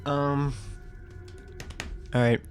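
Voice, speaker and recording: Slow-talking young man at a game table. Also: fairly high pitch, flat delivery, soft background music. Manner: slow, jokey, laughs through lines. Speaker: player. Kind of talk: casual chat, playing a tabletop game.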